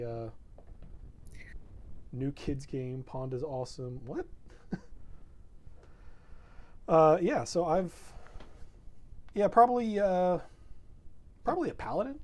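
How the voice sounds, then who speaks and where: A man's voice: medium pitch, a little mellow. Man, young adult, casual stream chat, rambling, self-deprecating. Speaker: show regular.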